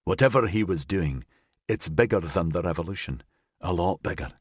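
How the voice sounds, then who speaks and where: A man's voice: deep voice, animated, moderate pace, slightly rough, no echo, clean studio sound. A man playing a grieving, shaky young man. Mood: subdued. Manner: soft, shaky.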